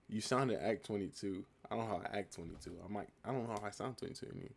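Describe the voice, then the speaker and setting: A nineteen-year-old man hosts a casual livestream, reading viewers' comments aloud and answering them in a relaxed way. His voice sits low and carries a gravelly, fry-heavy edge. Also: fast, few pauses. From United States. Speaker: livestream host. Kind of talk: casual live-stream chat answering comments.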